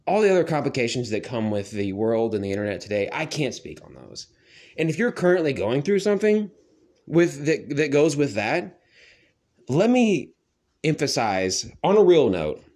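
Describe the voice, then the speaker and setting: A young man telling a personal story in a loose, profane way and laughing at himself. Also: medium pitch. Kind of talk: casual storytelling monologue.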